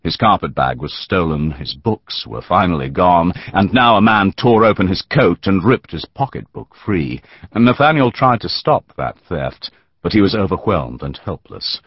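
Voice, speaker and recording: A man narrating a historical novel audiobook in a measured, dramatic storytelling manner. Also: sits low, lively intonation, breathy edge, no echo, lo-fi sound.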